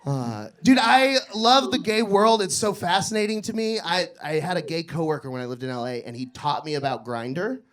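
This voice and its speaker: A young adult man telling crude, animated stories during a stand-up comedy set on a club stage. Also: a little high, normal speed, hardly any pauses.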